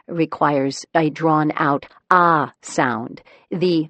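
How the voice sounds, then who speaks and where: A woman narrating an audiobook in the first person, telling the story in a wry, measured way. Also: sits low, fairly bright tone, no room sound.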